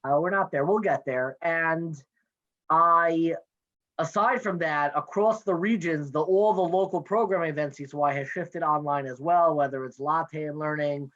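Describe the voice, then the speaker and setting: A man in his thirties, an NCSY education director, joins a casual interview as a guest by video call from his home office. His voice is fairly high and a bit bright, and he's chatty, playful and quick with jokes. The video call audio is dull and lo-fi.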